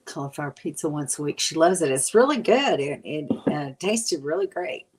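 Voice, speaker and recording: A woman's voice: low voice, normal speed, darkish tone, slight background noise. An older woman chatting casually on a live stream, answering viewers, rambling with many fillers and sounding tired. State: tired from lack of sleep. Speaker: vlogger answering live chat.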